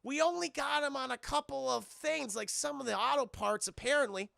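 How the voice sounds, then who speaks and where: A man's voice: very high-pitched, a little fast, vocal fry, sharp tone, dry recording, voice pushed up, heavily acted. A man putting on a brusque, exasperated male police chief.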